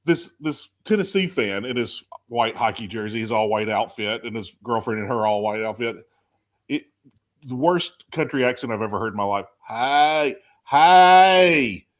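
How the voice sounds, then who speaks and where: A man hosting a casual chat, telling a lively story and acting out quotes. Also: fairly low pitch, normal speed. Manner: animated storyteller, acts out quotes. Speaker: podcast host.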